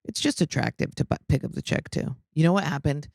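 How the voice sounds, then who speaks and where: A woman chatting casually on a podcast, telling stories in an animated way. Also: low voice, quick pace, gravelly, dry recording, studio quality. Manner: animated storytelling. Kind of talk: casual chat.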